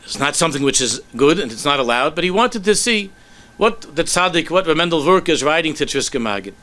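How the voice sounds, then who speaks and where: A man, a rabbi, telling a story in a sermon with animated delivery that sinks to soft, low tones. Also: quick pace.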